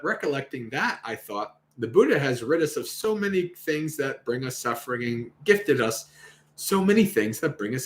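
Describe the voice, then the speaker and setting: A mid-range male voice hosts a livestream, reading a Buddhist sutta aloud. He comments casually, laughs often, and acts out the quoted lines, and the recording carries a roomy echo.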